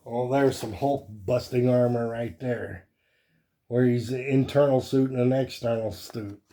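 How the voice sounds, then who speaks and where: Slow, rambling man hosting a comic show. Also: mid-range voice. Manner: rambling, relaxed, many fillers. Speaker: comic book show host. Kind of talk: casual show-and-tell chat.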